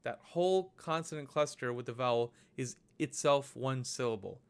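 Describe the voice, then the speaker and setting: A man narrating a recorded lesson over slides, explaining each step slowly and patiently. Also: mid-range voice, clear, resonant tone. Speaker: language teacher.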